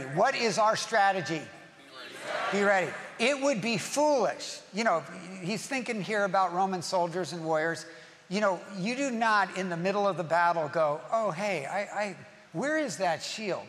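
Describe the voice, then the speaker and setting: A man preaching a sermon to a congregation, lively and playful, acting out quoted voices. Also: sits high, a little hiss or hum. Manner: animated, acts out quoted voices and jokes with the congregation. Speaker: pastor. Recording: long reverb of a large hall, faint ambience.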